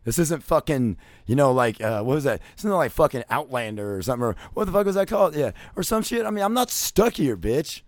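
A man's voice: very animated, fast, hardly any pauses, no room sound. Foul-mouthed man ranting, dry close sound. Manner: crude, swears constantly, many fillers like "you know"; swings from loud ranting to low muttering. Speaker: vlogger. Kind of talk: profane rambling storytelling.

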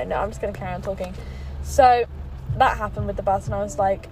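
A woman's voice: mid-range voice, fast talker, faint music behind, rough recording. A young woman with an English accent, chatting and rambling through stories as a podcast host while sitting in a parked car. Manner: chatty and rambling, lively storytelling. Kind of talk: casual chat.

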